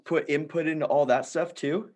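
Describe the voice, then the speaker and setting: A man's voice: fairly high pitch, fairly even intonation, moderate pace, darkish tone. A man hosting a casual toy podcast, asking questions in an eager, enthusiastic way. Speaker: podcast host. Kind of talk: casual interview.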